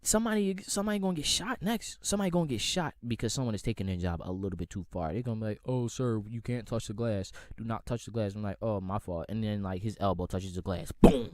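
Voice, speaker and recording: A man hosting a podcast, ranting in a heated, comedic way, swinging from loud outbursts to low mutters. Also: no room sound. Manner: animated, profane, swings from shouting to low mumbling. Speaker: podcast host.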